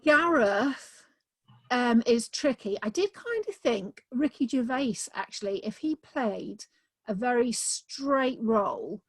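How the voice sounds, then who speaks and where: Chatty woman author, a little high, dry close sound; casual video-call interview, keen and full of "um"s. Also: expressive, slow, no room sound. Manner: chatty and enthusiastic, many "um"s. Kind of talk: casual conversation.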